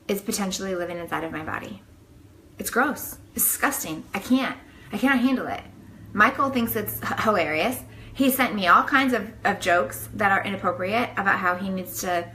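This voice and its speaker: A woman vlogging to her viewers, telling a story in a dramatic, animated way full of "like". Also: mid-range voice, a little hiss or hum, low-quality recording. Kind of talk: casual storytelling to camera.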